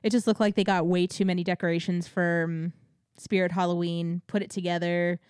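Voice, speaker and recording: A woman's voice: on the low side, level tone, normal speed, darkish tone, clean tone, no echo, clean studio sound. A woman co-hosting a podcast, chatting casually and giving frank opinions. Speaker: podcast co-host. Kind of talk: casual chat.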